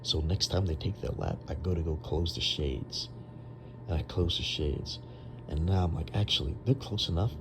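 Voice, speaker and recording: Deep-voiced young man rambling through a story. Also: normal speed, creaky, noisy background. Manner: rambling with many fillers and restarts. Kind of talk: casual dream retelling.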